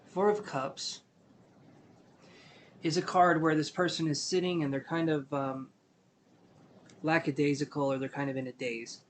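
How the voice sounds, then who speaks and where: Sleepy, gentle man reading tarot live. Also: fairly high pitch, steady tone, unhurried, long pauses, a little hiss or hum. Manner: gentle, meandering, filler-heavy. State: sleepy, yawning. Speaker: tarot reader.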